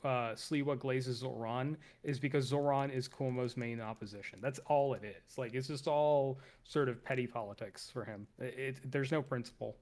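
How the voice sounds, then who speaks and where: A man's voice: medium pitch, moderate pace, few pauses, darkish tone. A man hosting a casual livestream, commenting with rambling talk full of fillers and restarts. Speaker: streamer host.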